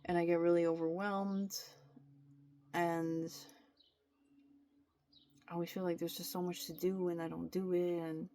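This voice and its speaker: A woman's voice: fairly low pitch, little pitch movement, unhurried, long pauses, mellow. A young woman in a candid, confessional vlog, talking straight to her camera with many restarts and fillers. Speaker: vlogger. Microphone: camera mic.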